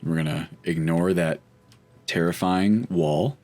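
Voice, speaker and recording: A man's voice: low voice, slow, darkish tone, faint music behind. A man casually commenting while playing a video game, chatty and wry, thinking aloud as he goes. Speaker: let's play host.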